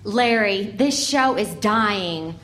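A woman's voice: medium pitch, animated, takes it slowly, fairly bright tone, soft background music. A woman playing a blunt ratings executive. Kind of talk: comedy sketch.

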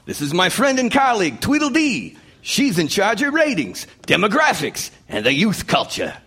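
Sketch comedy: male actor as a brisk TV executive, husky voice, animated. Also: sits high, exaggerated voice. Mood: smug. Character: smug male network executive.

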